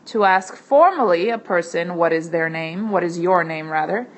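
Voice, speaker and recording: A woman teacher narrating a screencast language lesson, slowing down to pronounce each example word carefully while she writes on a tablet. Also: on the low side, lively intonation. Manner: slow, careful enunciation of example words. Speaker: Spanish teacher. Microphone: computer mic while drawing on a tablet.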